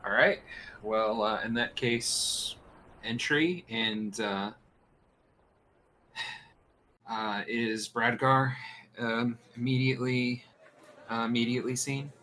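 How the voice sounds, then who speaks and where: A man's voice: medium pitch, fairly even intonation, slow pace, pauses often, pushed and bright, slight background noise, poor audio. A man playing a tabletop game, talking in character in a formal, hesitant way with many restarts. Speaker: player. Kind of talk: in-character tabletop role-play.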